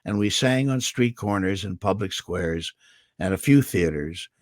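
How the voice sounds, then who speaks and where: An older man from Indiana, a guest voice actor telling animated stories about his life on a video call. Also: low voice, unhurried, dry recording, studio quality. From Indiana, USA. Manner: animated storyteller, slips into character voices for quotes. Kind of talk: anecdotal storytelling.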